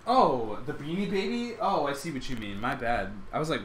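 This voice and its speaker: A man's voice: medium pitch, lively intonation, normal speed, a little hiss or hum. A young man streaming live, rambling casually as he reacts to his chat and to videos, with lots of "like" and restarts.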